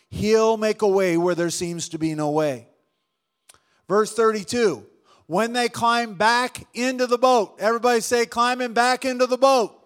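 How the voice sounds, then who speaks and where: A male pastor with a notably high voice delivers a sermon. He shifts between forceful emphasis and quiet, drawn-out lines, and calls on his listeners to respond. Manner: dynamic preaching, swings from loud to hushed, calls on congregation.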